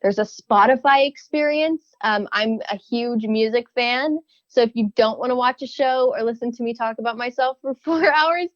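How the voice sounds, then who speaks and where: A woman's voice: on the high side, dry recording, muffled recording. A young woman as a podcast guest, talking thoughtfully and hesitantly with many fillers. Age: young adult. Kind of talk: casual interview chat.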